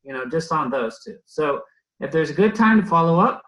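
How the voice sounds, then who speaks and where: Um homem explicando um bônus à equipe numa reunião descontraída, hesitando e procurando palavras. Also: male voice, a little high, animated, a bit bright, echoey room, rough recording. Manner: halting, searches for words. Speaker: coach explaining a bonus to the team. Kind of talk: casual team meeting talk.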